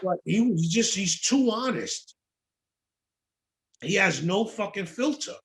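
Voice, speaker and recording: A man from the Bronx, a music producer telling stories in a casual interview, profane, animated and full of slang. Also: high voice, slow. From the Bronx, New York.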